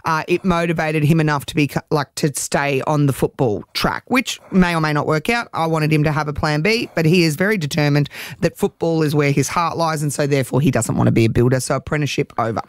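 A woman in her forties with an Australian accent, chatting as a radio co-host and telling a story with lively quoted voices. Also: sits low, fast, no room sound, studio quality. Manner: chatty storytelling, animated quoting. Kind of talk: casual chat.

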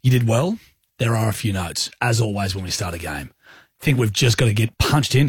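Aussie bloke on the radio, husky voice, jokey and all over the place pitch-wise. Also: male voice, expressive, fairly quick, no echo, clean studio sound. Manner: teasing, goofy, jumps into silly voices. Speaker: radio co-host. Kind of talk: casual radio banter.

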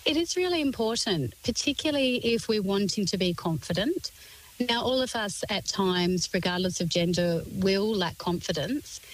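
A woman's voice: medium pitch, expressive, normal speed, low-quality recording. A woman, a guest expert on a radio interview, explaining points in a composed, articulate way, often in lists.

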